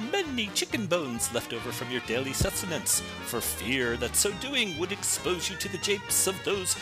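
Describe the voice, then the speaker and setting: A man's voice: high-pitched, heavily acted, rough recording. A man voicing a pompous turn-of-the-century patent-medicine magnate in a florid, grandiose old-timey manner. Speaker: listener sending in a bit.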